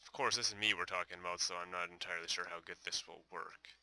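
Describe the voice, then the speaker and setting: A man's voice: deep voice, steady tone, quick pace, pushed and bright, smooth. A young man giving casual gameplay commentary, thinking aloud and hesitating with many fillers.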